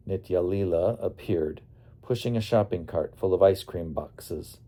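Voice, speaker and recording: A man narrating his memoir as an audiobook in a calm, wry storytelling manner. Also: low voice, unhurried. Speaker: narrator and bus driver.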